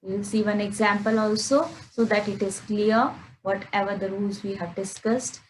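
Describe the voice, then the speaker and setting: A woman teaching a grammar lesson, explaining slowly and repeating words as she reads out examples. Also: mid-range voice, fairly even intonation, a little hiss or hum, low-quality recording. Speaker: English teacher.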